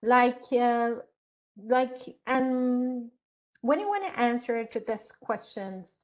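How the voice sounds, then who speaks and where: A woman instructor lectures in a slightly high voice, taking her time and pausing often to find her words. Her delivery is very slow and patient. The sound is muffled and lo-fi, like an online class. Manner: slow, explanatory, with frequent hesitations.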